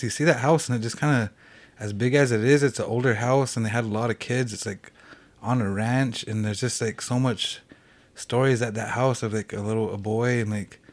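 A young man from a reservation telling ghost stories as a podcast guest, rambling casually with many fillers and restarts. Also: mid-range voice. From Cheyenne reservation, United States. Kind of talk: casual storytelling.

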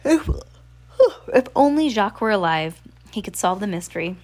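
A woman's voice: mid-range voice, lively intonation, normal speed, a little mellow. Worried, determined teen girl from a storybook, read by a woman.

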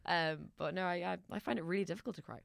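A woman's voice: lowish voice, fast, creaky, no echo, clean studio sound. A young actress chatting as a podcast guest, laughing often and restarting her sentences. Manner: laughs often, self-deprecating, many restarts. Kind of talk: casual chat.

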